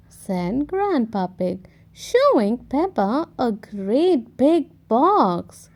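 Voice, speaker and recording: A woman reading a children's picture book aloud, slowly and expressively for young listeners. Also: sits high, sing-song. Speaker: storyteller. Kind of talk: children's story read-aloud.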